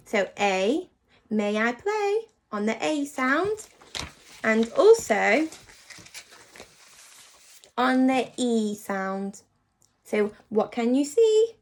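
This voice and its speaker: A woman leads young children through a phonics lesson, stretching each sound out slowly. Her voice sits high and swoops with animated, sing-song ups and downs. She sounds encouraging throughout. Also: a little hiss or hum. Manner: lively, encouraging, slow and exaggerated sound-by-sound. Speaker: teacher.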